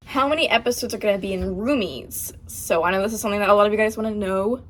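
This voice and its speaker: A woman's voice: mid-range voice, quick pace. A young woman hosting a casual question-and-answer vlog, chatty and a little hesitant, with frequent fillers and laughs. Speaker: channel host.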